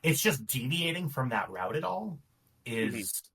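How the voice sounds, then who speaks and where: A man's voice: medium pitch, sing-song, a little slow, fairly bright tone, husky. A man running a tabletop game as game master, explaining the rules patiently with frequent restarts.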